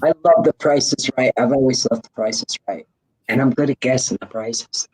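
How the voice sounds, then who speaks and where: A man's voice: medium pitch, moderate pace, a little mellow, husky, poor audio. A man in casual chat, agreeing readily and chuckling often.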